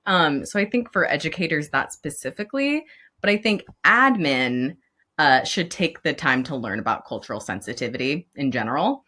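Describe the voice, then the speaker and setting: A woman appears as a guest on a candid podcast, speaking as a school counselor. Her deep voice moves at a moderate pace, and she is expressive, laughs often, and at times is moved to emotion.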